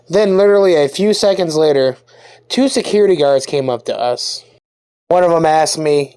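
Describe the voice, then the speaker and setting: A young adult vlogger telling a casual story-time tale, animated, with lively jumps in pitch. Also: normal speed.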